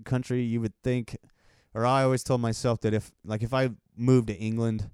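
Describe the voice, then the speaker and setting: A man's voice: medium pitch, level tone, normal speed, darkish tone, clean tone, no room sound, clean studio sound. A young man from Texas with a Texan accent, co-hosting a casual podcast chat, laid-back and often laughing. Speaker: podcast co-host.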